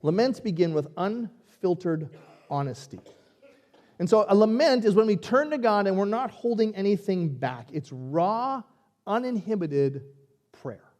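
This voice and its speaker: A man preaching a sermon in a conversational, animated way, acting out quoted lines. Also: sits high, unhurried. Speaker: pastor.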